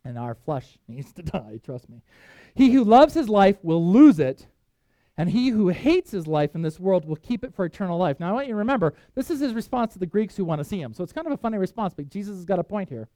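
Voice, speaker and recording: High-voiced emphatic male preacher. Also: big pitch swings, quick pace, hardly any pauses, no echo. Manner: emphatic preaching, reading scripture aloud with swings in loudness. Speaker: pastor. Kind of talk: sermon.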